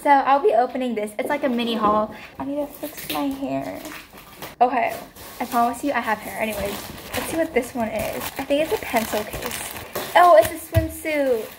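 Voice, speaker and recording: A woman's voice: high voice, normal speed, noisy background. A teenage girl chatting casually and upbeat as she vlogs on a handheld phone, giggling now and then. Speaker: vlogger. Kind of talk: casual vlog chat.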